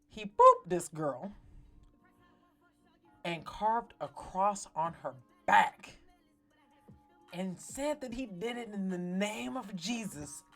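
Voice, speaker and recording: Woman, talk show host, swearing, slangy, dramatic recap, mid pitch, soft music behind. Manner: profane, slangy, dramatic storytelling. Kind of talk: casual animated TV recap.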